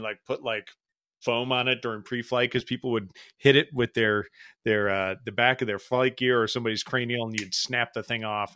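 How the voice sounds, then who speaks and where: A man's voice: on the low side, bright, forceful tone, no room sound, clean studio sound. A man hosting a conversation in a casual way, stopping to explain terms for the audience. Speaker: podcast host. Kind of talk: conversational interview.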